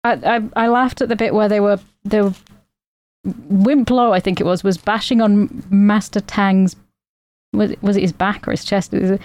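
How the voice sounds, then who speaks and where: A woman's voice: mid-range voice, fairly even intonation, moderate pace, darkish tone, no room sound. A woman co-hosting a podcast, recapping a comedy film in casual chat, rambling with fillers and laughing as she goes. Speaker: podcast co-host.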